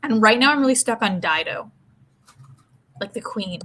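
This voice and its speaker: A woman hosting a casual group video chat, talking in a chatty, animated way. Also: on the high side, moderate pace, slight background noise, poor audio. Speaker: host.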